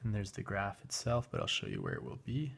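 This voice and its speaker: A man's voice: on the low side, brisk, vocal fry, slight background noise. A man teaching a recorded math lesson, talking while he works a graphing calculator and correcting himself as he goes. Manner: relaxed, talks while working a graphing calculator, with fillers and self-corrections.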